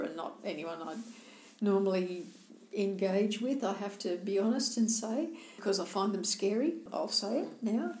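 A woman's voice: mid-range voice, a little mellow. A woman co-hosting a casual chat, telling a personal story candidly and with self-deprecation. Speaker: co-host. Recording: roomy echo.

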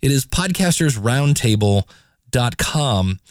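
A man hosting his own podcast, talking casually with lively inflection and playful asides. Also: mid-range voice, slow pace, no echo, clean studio sound. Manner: chatty, animated, playful asides. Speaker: podcast host. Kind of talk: casual solo podcast talk.

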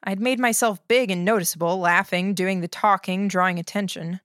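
A woman reading a first-person novel aloud in a steady, measured way. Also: mid-range voice, dry recording, studio quality. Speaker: audiobook narrator.

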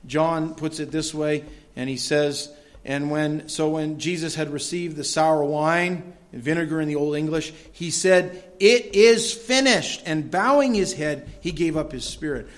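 A man preaching a sermon as pastor of a church, earnest and swelling loud when he reads scripture. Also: a little high, moderate pace.

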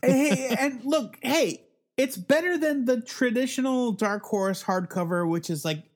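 A woman co-hosting a comics podcast in easygoing casual chat, quick to laugh. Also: fairly high pitch, darkish tone. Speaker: podcast co-host.

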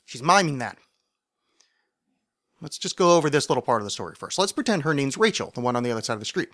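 A man tells a rambling story on his own podcast, wry and self-deprecating, with plenty of "uh" and restarts. His voice sits at an ordinary middle pitch. The recording is close and completely dry. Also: very animated, quick pace, a bit bright, no room sound. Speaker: podcast host. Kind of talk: casual storytelling monologue.

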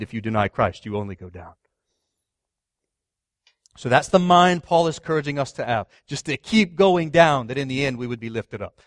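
A pastor in his thirties preaches with a mid-range voice, putting questions to the congregation and swinging between loud emphasis and hushed words. The recording is studio quality with no room sound.

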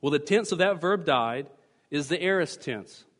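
A man's voice: a little high, animated, normal speed, fairly bright tone. A man preaching a sermon as pastor, emphatic and teaching, repeating key phrases to drive points home. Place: church sanctuary. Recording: long church reverb.

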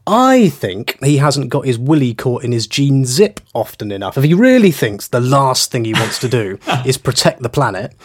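A man co-hosts a comic chat show, full of silly exaggerations and mockery. His voice sits at a middle pitch. His delivery is playful, with a teasing edge. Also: big pitch swings, normal speed, hardly any pauses, breathy edge. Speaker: podcast co-host.

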